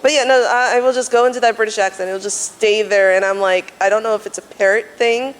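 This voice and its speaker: A woman's voice: medium pitch, fairly even intonation, quick pace. Hesitant woman asking from the floor. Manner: hesitant, fumbling for words. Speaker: audience member asking a question. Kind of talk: casual question from the floor. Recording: convention hall reverb.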